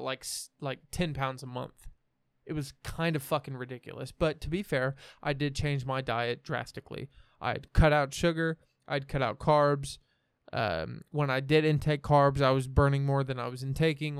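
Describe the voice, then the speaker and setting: A man's voice: on the high side, smooth, no room sound, clean studio sound. A young man from the American Midwest, hosting a podcast and telling a story in a rambling, profane, self-assured way. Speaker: podcast host. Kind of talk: casual storytelling chat.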